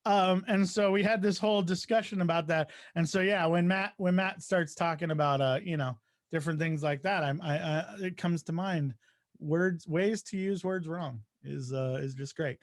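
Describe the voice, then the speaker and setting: A man's voice: on the high side, moderate pace, dry recording, studio quality. A man hosting a casual weekly group video call, rambling through stories with fillers and restarts. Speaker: host.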